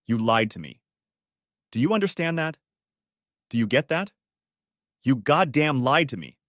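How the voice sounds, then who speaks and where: A man playing an angry, betrayed young husband who shouts his accusations. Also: mid-range voice, sing-song, measured pace, no echo, clean studio sound, voice pushed up. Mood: furious.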